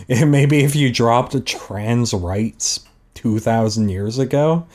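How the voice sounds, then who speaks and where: A man's voice: medium pitch, slow pace, darkish tone. A young Canadian man with a Canadian accent, rambling and laughing through casual chat while he draws on his stream. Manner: rambling, laughs often, drinking. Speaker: streamer, drawing artist.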